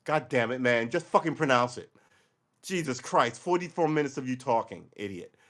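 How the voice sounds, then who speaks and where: A man's voice: mid-range voice, lively intonation, normal speed, fairly bright tone. A man from Brooklyn, hosting a casual political livestream. He talks in a loose, rambling, profane way. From Brooklyn, New York. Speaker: livestream host.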